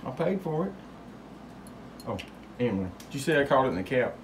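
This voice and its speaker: A man's voice: mid-range voice, very animated, fairly quick, noisy background. A man hosting a casual home cocktail demonstration, rambling and joking in drawled asides, recorded in a home kitchen. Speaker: home cocktail show host.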